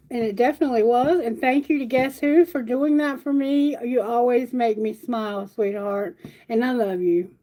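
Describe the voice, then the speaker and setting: A woman's voice: fairly high pitch, dark tone, rough recording. A woman reading tarot on a casual livestream, chatty and affectionate, talking to her viewers. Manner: chatty, affectionate, sings song lyrics herself. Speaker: tarot reader.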